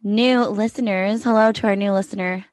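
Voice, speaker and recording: A woman's voice: mid-range voice, steady tone, moderate pace, a little mellow, dry recording. A woman co-hosting a casual podcast, teasing and playful in manner. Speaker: podcast co-host.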